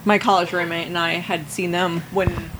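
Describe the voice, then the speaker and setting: A young adult woman in casual chat, tossing off quick, wry and profane quips. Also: on the low side, level tone, noisy background.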